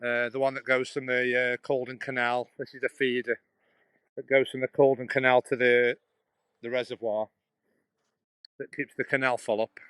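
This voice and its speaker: A man's voice: mid-range voice, flat delivery, moderate pace, long pauses, a bit bright, smooth, no echo, rough recording. A middle-aged man from England with a Stoke-on-Trent Potteries accent that drops his H's, chatting to live-stream viewers on a phone while walking a canal path outdoors, rambling and chuckling as he goes. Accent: Stoke-on-Trent Potteries, dropped H's. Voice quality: chatty, laughing, restarting phrases. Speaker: vlogger live-streaming a walk. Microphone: phone held while walking.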